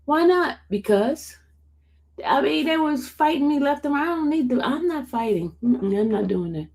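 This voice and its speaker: A woman hosting a casual livestream, chatting and answering viewer comments in an expressive way. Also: sits high, moderate pace. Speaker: livestream host covering court cases. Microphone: streaming setup.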